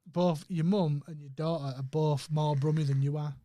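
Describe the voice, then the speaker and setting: A man's voice: on the high side, fairly even intonation, moderate pace, warm tone, no echo, clean studio sound. A young man teasing his friend in casual banter among friends. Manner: teasing, mocking. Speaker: podcast co-host.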